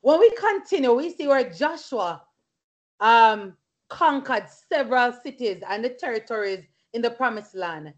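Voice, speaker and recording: A woman's voice: on the high side, animated, a little slow. A woman leading a Bible study as a fervent sermon, breaking into hallelujahs and praise between her points. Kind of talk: sermon with personal testimony. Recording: lo-fi recording.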